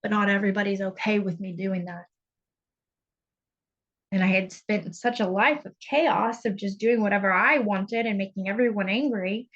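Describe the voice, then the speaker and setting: A woman spiritual coach speaking in a confessional teaching monologue, earnest and intense, with blunt swearing here and there. Her voice sits at an ordinary middle pitch for a woman. The recording is dull and lo-fi. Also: a bit bright.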